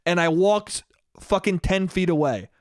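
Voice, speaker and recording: A high-voiced man rants through a story on his solo podcast, swearing freely and sounding exasperated. The recording is close and dry, with no room sound around him. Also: a little slow, no room sound. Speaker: podcast host. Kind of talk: casual solo podcast monologue. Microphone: podcast microphone.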